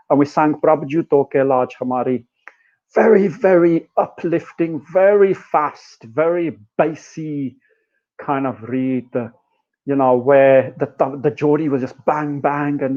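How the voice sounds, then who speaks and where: British male guest, lively explainer, slightly high pitch, muffled call line. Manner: animated storyteller, mixes in Punjabi phrases, says "right?" and "you know" often. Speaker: guest musician and academic. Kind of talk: casual explanatory chat.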